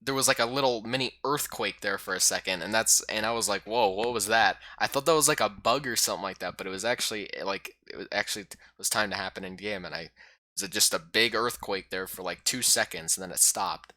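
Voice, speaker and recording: Man, bright crisp voice, dry close sound, excitable rambling game recap. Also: lowish voice, fast, no echo. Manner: rambling, excitable, many fillers. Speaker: YouTuber. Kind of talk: casual game recap voice-over.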